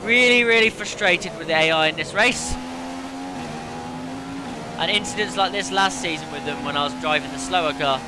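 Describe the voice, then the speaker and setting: A man's voice: a little high, normal speed, pauses often. A man hosting a racing game video, ranting and swearing in frustration. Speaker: gaming channel host. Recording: game engine noise behind voice. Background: racing car engine noise.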